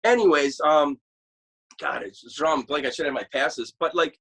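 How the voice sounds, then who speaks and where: A man guest telling rambling, animated, profanity-filled road stories in a casual chat. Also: fairly high pitch, moderate pace, slightly rough, low-quality recording. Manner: rambling animated storyteller, swears a lot. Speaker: guest musician.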